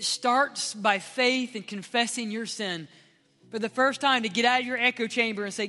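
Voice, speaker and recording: Impassioned high-voiced preacher in a hall. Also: male voice, normal speed. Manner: impassioned, swinging from loud to hushed. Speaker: pastor. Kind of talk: sermon with altar-call prayer. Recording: hall reverb with faint music.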